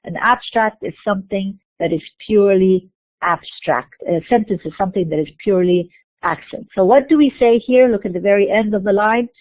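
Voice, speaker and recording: A woman's voice: mid-range voice, a little fast, no room sound. Woman lecturing over tinny audio. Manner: explains by repeating and asking herself questions. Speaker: linguistics lecturer. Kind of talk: classroom lecture. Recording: dry, tinny phone-like audio.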